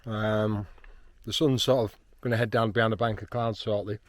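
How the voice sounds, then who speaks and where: A man, chatting excitedly outdoors on a hilltop, with frequent ums. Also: fairly low pitch, normal speed, dry recording. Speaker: landscape photographer. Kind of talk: casual vlog narration while hiking.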